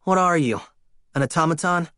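A man doing a brash, loud young hothead. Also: on the high side, normal speed, clean tone, no echo, studio quality, close to an everyday voice. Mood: outraged. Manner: loud, indignant exclamations.

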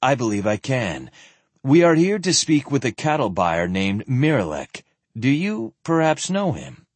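A man voicing a calm, polite male knight who speaks quietly with mild irony. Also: medium pitch, measured pace, dry recording, pitched above the performer's own voice. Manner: quiet, polite, mildly ironic.

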